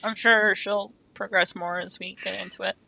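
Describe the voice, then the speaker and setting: Woman, gravelly, bright forceful tone, dull audio. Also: mid-range voice, steady tone, moderate pace. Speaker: player. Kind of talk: casual chat.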